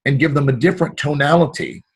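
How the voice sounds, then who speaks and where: A middle-aged man talking as an interview guest, expansive and animated, acting out the voices he quotes. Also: a little high, fast, breathy edge. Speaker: guest actor. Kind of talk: motivational storytelling.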